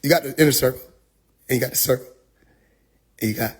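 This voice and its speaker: A man's voice: medium pitch, fast talker, breathy edge, pitched below the performer's own voice, close to an everyday voice. A man putting on the voice of an evasive male street book seller who rambles in circles, asking "correct?" after each point. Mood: evasive, rambling. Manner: circular pseudo-mystic rambling, keeps asking "correct?".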